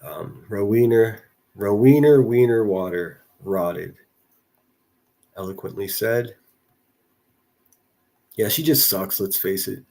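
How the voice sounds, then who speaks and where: Slow and mellow, with a fairly low pitch and long pauses, this livestream host comes from a northern US city. He meanders through casual commentary, reading viewers' chat messages out loud and frequently starting over.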